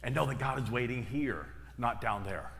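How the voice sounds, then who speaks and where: A man's voice: medium pitch, lively intonation, moderate pace, gravelly, a bit bright. A middle-aged man preaching a sermon as minister, telling stories with emphatic, repeated phrases. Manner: storytelling with emphatic repetitions. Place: church sanctuary. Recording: reverberant church hall.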